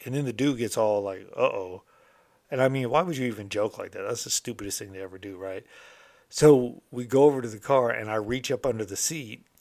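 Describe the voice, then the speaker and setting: A man's voice: mid-range voice, fairly quick, a little mellow, dry recording. A middle-aged American man casually recounting his past, candid and streetwise, swearing freely as a motivational host. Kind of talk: casual storytelling monologue.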